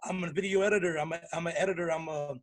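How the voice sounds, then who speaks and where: A male comedian guest telling animated stories in a casual interview and acting out the voices of people in his anecdotes. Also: fairly high pitch, racing.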